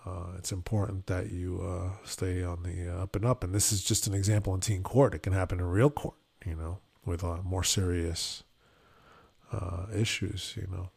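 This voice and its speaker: Man, podcast co-host, gravelly, casual chat, animated storytelling, frequent fillers. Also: low voice, normal speed.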